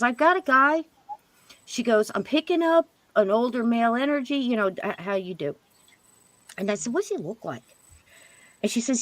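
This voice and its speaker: A middle-aged woman tells a personal story in relaxed, animated chat. Her voice sits at a middle pitch and leaps higher when she imitates others. The sound is close and dry, with no room around it. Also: no echo. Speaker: podcast guest. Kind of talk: casual storytelling.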